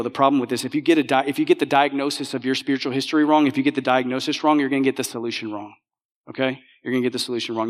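Guy preaching a sermon, slightly high voice, keeps asking the crowd if they're with him, big echoey church. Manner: conversational, checks in with the audience often. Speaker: pastor. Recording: long hall reverb.

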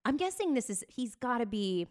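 A woman's voice: on the high side, big pitch swings, normal speed, a little mellow. A woman co-hosting a podcast, telling celebrity news in a chatty, gossipy way. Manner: chatty, gossipy storytelling with bursts of laughter. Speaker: podcast co-host. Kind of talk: casual chat.

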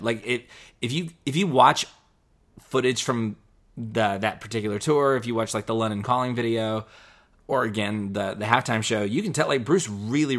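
A man co-hosting a podcast in a relaxed, talky way. His voice sits at a middle pitch, and he restarts his sentences often while he works toward his point. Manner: rambling, many restarts and "like"s. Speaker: podcast co-host. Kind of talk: casual podcast chat.

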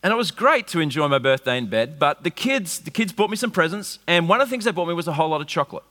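A man in his forties preaches to his church, his voice bright and forward. He tells stories with wry humour. The sound rings out in a long-reverb hall. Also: a little high, fast. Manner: animated storytelling, wry humour. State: recovering from flu. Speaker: pastor. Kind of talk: sermon.

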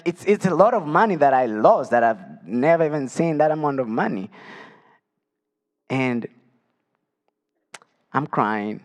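A man's voice: a little high, fairly bright tone, long reverb tail. A man from Africa sharing a personal testimony in church, telling his story with emotion. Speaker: guest speaker sharing testimony.

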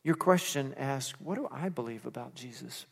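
A man preaching a sermon in a church, earnest and emphatic, building to strong peaks and then dropping quietly at the ends of phrases. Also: mid-range voice, moderate pace, vocal fry. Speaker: pastor. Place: church sanctuary. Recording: hall reverb.

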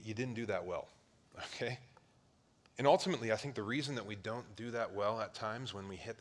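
A man in his thirties from Ohio preaching a sermon. His voice sits fairly low but comes across bright and forceful. He preaches with animation, jumping from loud outbursts to quiet, hushed asides. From Ohio, near Cleveland. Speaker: pastor.

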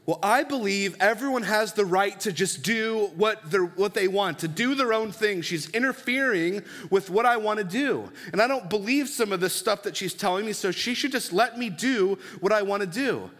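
Man doing a defiant teen boy, whiny, pitched way up. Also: expressive, normal speed, hardly any pauses, fairly bright tone, long reverb tail. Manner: indignant, whiny, high-pitched. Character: angry defiant teenage boy.

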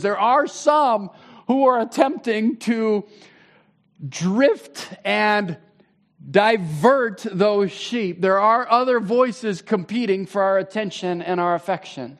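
A man in his thirties preaching a sermon as pastor, conversational and animated with sudden loud bursts. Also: high voice, slow pace.

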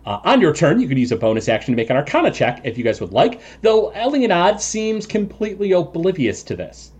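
Lively chuckling male game master. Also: fairly high pitch, fairly quick, breathy edge. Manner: chuckles often, many ums and restarts. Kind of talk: narrating a tabletop game.

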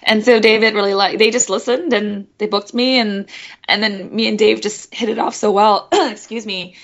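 A woman from Singapore, a voice actress, chatting in an interview, animated and laughing often, slipping between accents. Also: mid-range voice, moderate pace, muffled recording. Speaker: guest voice actress. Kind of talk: casual interview chat.

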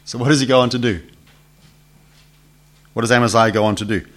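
A man's voice: mid-range voice, fairly even intonation, fairly quick, fairly bright tone. A man teaching a Bible study to a gathered group, conversational, asking questions and acting out the voices in the text. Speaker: preacher. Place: meeting room with a live group.

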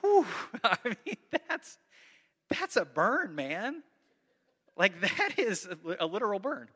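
A pastor preaches in a high, piercing voice with a slow, breathy edge, and it rings through a long hall reverb. His preaching is animated: he reads scripture aloud in a heightened, dramatic way. Then he slips into loose, conversational asides, interrupting himself and restarting mid-sentence.

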